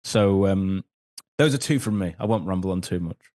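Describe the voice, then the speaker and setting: Appearing as a podcast guest, a male sales consultant walks through his techniques and plays out brief example dialogues. His voice is low and a little mellow, his pace moderate, and he says "um" often.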